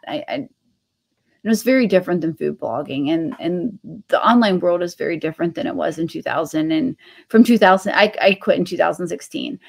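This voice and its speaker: A woman's voice: medium pitch, vocal fry, darkish tone. A middle-aged woman hosting a craft channel, telling a personal story in a rambling, casual way with many restarts.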